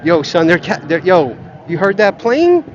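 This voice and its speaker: Walking outdoors along a path, a man vlogs a rambling, profane, joking rant directly to his viewers. His voice is high and sing-song at a normal speed, and the dull audio carries a noisy background.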